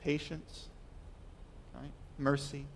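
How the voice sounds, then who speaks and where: A young man preaching a sermon earnestly. He asks rhetorical questions and repeats words, swinging between loud emphasis and soft, quiet lines. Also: on the high side, flat delivery, slow pace, gravelly, slight background noise. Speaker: pastor.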